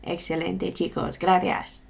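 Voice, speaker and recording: A woman's voice: on the low side, level tone, measured pace, creaky, husky. A woman teaching a beginner language lesson, encouraging, spelling words out and leading repeat-after-me drills. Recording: dull lo-fi sound.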